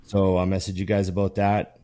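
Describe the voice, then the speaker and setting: A pro bodybuilder co-hosting a podcast, telling a story in a lively, casual way full of fillers. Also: male voice, sits low, a little fast, no room sound. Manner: animated storyteller with many fillers.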